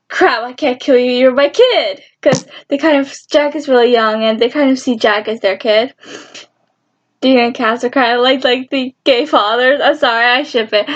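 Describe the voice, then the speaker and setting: High-voiced rambling young woman. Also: a bit bright, dull audio. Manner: rambling and emotional, with sudden high squeals. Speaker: fan vlogger. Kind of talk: excited casual recap.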